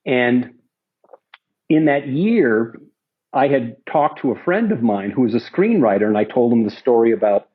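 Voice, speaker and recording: An older man tells long, rambling anecdotes with many restarts. His voice is husky and his pitch sits in the middle range. The recording is slightly dull and lo-fi. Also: animated, measured pace. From United States. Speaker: interview guest. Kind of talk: casual storytelling.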